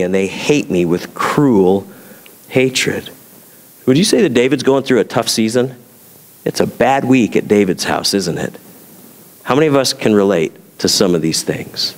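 A man's voice: medium pitch, in a large hall. A man preaching as a pastor, talking in a conversational way and asking his congregation rhetorical questions. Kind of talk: sermon.

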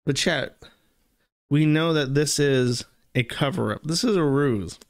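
A man hosts a stream, talking slowly and crudely as he mocks a clip for his chat. His voice sits a little high for a man, and the sound is dry and close to the mic. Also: no echo. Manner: profane, mocking, crude. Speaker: streaming show host. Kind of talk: ranting commentary to chat.

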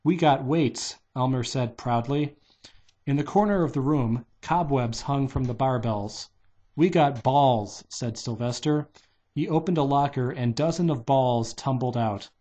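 A man reading a children's novelization aloud in a plain, steady manner. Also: mid-range voice, normal speed. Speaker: reader.

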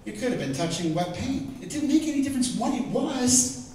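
High-voiced man teaching in an echoey hall. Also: a little fast. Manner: animated and joking, with rhetorical questions to the audience. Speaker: Bible teacher. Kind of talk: lively teaching talk to a live audience. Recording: echoey hall, mic far off, faint noise.

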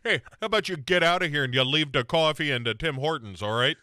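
A man voicing a fed-up, grumpy Canadian man with gruff, mock-polite outrage. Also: on the high side, lively intonation, fast, pushed and bright, no echo, clean studio sound. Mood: exasperated.

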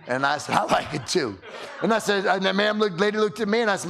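A high-voiced man preaching in an animated, storytelling way. He keeps stumbling over the first words of his sentences and repeating them as he builds his point. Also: quick pace, creaky. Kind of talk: sermon with storytelling.

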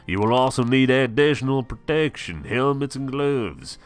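A man voicing a friendly, businesslike male storekeeper in a game, reading slowly and matter-of-factly. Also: medium pitch, lively intonation, smooth, pitched above the performer's own voice, natural voice.

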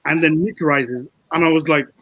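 Husky-voiced male director in casual chat. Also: fairly high pitch, moderate pace, no room sound, highs cut off. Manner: relaxed, explains, quotes others. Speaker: film director.

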